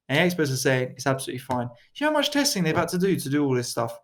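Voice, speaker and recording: A man's voice: fairly high pitch, lively intonation, fast, few pauses. Laughing, swearing man. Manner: sweary, mock-conspiratorial banter, frequent laughing. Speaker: podcast co-host. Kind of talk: casual comedic chat.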